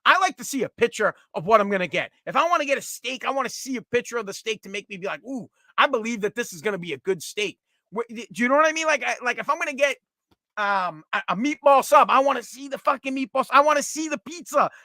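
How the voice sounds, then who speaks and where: Middle-aged man, foul-mouthed rant, high sharp voice, dry close sound. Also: fast, no room sound. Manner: profane, animated, ranting. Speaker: podcast host. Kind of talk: casual comedic rant.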